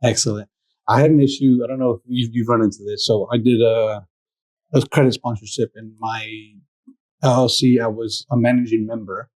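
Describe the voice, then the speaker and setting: A man's voice: lowish voice, a little mellow, no echo, low-quality recording. A man hosting a podcast interview, who backs up his guest and sums up the advice for listeners. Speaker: podcast host.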